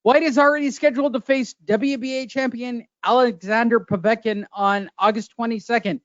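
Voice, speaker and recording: Brash high-voiced male podcast host. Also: steady tone, moderate pace, fairly bright tone, dry recording, dull audio. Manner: brash and profane, laughing, ribbing co-hosts. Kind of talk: casual boxing chat.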